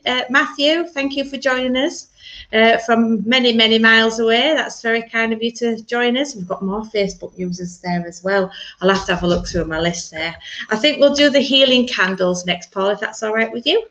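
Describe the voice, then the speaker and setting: A woman's voice: fairly high pitch, fairly quick. A woman reverend leading prayers and chatting casually with online viewers from a church room at home. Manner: chatty, warm-humored asides between prayers. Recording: dull lo-fi livestream audio.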